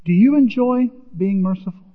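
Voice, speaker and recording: High-voiced emphatic man preaching in a hall. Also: moderate pace. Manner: emphatic, animated, exclaims and repeats words. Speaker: pastor. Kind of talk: sermon. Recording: reverberant hall, dull lo-fi sound.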